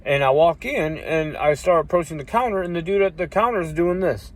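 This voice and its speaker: Talking a little fast in a higher voice, a man casually rambles through a long personal story with plenty of cursing and restarts. He loudly acts out quoted voices along the way.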